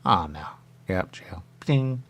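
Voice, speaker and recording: A male radio host rambles casually through a game, half talking to himself. His voice has a gravelly fry, and his pitch jumps up and down as he reacts. He keeps a loose, chatty delivery. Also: lively intonation, takes it slowly.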